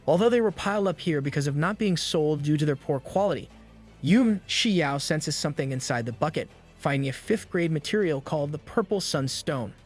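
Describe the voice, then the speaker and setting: A man narrating a manga recap in a brisk scripted delivery, dropping slangy jokes between plot beats. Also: a little high, expressive. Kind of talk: scripted narration with quick asides. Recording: voice-over over soft background music.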